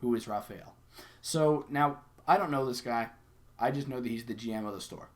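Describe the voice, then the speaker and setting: A man's voice: mid-range voice, fairly quick. Young adult man, conversational sales coach, acts out sample lines mid-explanation. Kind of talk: casual instructional talk.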